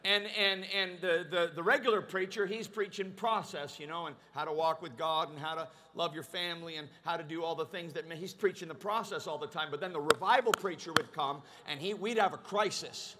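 A male pastor preaching a sermon to a large conference crowd. He repeats words and restarts often, and he swings between shouting and a low, quiet, confiding voice. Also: brisk, hardly any pauses, slight background noise.

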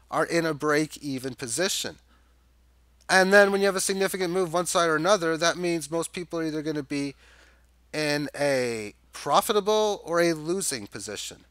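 A man's voice: fairly high pitch, fairly bright tone, no room sound. A man giving a rambling, casual chart walkthrough, thinking aloud with fillers and restarts. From Canada. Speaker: crypto chart analyst.

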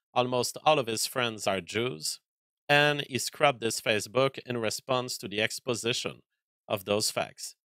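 A man hosting a commentary show, speaking deliberately with frequent hesitations and fillers. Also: medium pitch, bright, forceful tone, clean tone, no room sound. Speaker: host.

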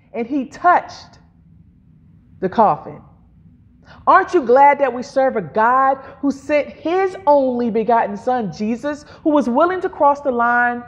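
On a muffled recording, a woman with a fairly high voice preaches an emphatic sermon. She draws out her phrases, gasps audibly for effect, and calls on the congregation to repeat after her.

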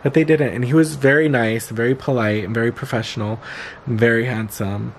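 A man's voice: mid-range voice, steady tone, fairly quick, slight background noise. A man chatting casually to a handheld camera for his vlog, giggling often as he talks. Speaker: vlogger.

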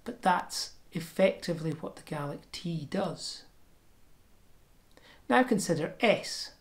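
A woman giving a pronunciation lesson, explaining sounds step by step and demonstrating them slowly and deliberately. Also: on the low side, expressive. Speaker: language teacher.

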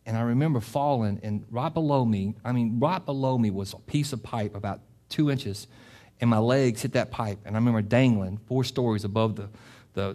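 A middle-aged man preaching a sermon as pastor. He talks with passion, often repeats and restarts phrases, and climbs to loud, emphatic peaks. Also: lowish voice. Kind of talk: sermon with closing prayer.

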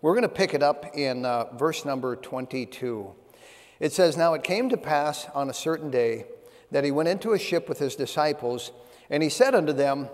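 A man's voice: on the high side, darkish tone. A man preaching a sermon as pastor, reading scripture and telling stories in a folksy way. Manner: storytelling preacher, reads scripture in old-fashioned phrasing. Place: church sanctuary. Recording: long church hall reverb.

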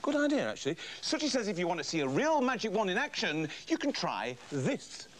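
Exasperated kids' show host. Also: male voice, sits high, very animated, slight background noise. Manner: exasperated straight man, quick to laugh. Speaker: children's show presenter. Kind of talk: slapstick children's comedy.

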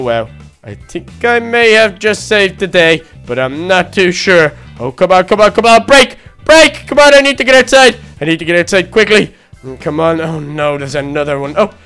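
A man narrating a game roleplay in an excitable, fretful way, full of exclamations. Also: high-pitched, clean tone.

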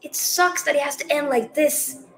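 A woman's voice: high voice, moderate pace, roomy sound, slight background noise, rough recording. A woman hosting a live watch-along of a match, emotional and thinking aloud as she talks straight to her viewers. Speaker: host.

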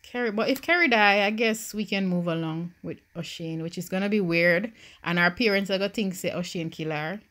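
A young Jamaican woman talks her way through a life-simulation game in a Jamaican lilt. Her mid-range voice drops to worried murmurs, then jumps up loud with joy and relief. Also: medium pitch, brisk, few pauses. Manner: animated, swings from quiet worry to loud joy. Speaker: gaming YouTuber. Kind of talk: Sims let's-play commentary.

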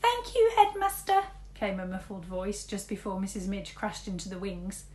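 A woman teacher reading a storybook aloud, lively, switching between big shouts and soft whispers for the characters. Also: mid-range voice, moderate pace, roomy sound, slight background noise.

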